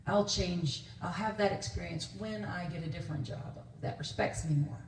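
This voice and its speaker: Speaking at a moderate pace in a lowish voice, this woman is a guest minister delivering a chatty sermon in the sanctuary, full of stories, laughs, and voices she quotes. The echoey church is captured from afar, with slight background noise.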